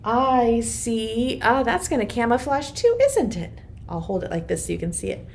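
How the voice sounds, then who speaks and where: A woman's voice: fairly high pitch, wildly swooping pitch, brisk, gravelly, a little mellow, a little hiss or hum. A woman, a preschool teacher, leading an online circle time and reading a rhyming picture book to small children in a sing-song voice.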